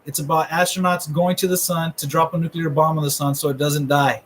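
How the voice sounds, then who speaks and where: Joking middle-aged male host, fairly high. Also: little pitch movement, brisk, a little hiss or hum, poor audio. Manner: joking, rambling trash talk. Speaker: host revealing a fantasy draft order. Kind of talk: casual live commentary.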